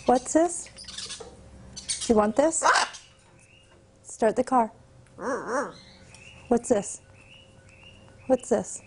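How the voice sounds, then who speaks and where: A woman's voice: on the high side, drawn-out words, pauses often, mellow, slight background noise. A woman and parrot owner coaxing her pet bird in sing-song baby talk.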